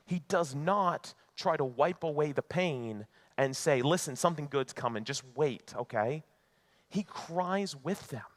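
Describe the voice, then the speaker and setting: A male pastor preaching a sermon in an earnest way, moving between emphatic lines and hushed ones. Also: high voice.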